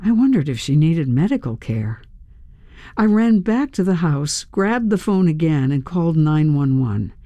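Unhurried narrator, warm mellow tone, dry close recording, tense first-person audiobook telling. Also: mid-range voice, very animated, dry recording, highs cut off.

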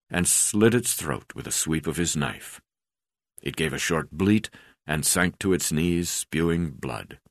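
A man reading his memoir aloud, in a halting way with frequent hesitations. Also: deep voice, fairly bright tone, dry recording, clean studio sound. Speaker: memoir narrator.

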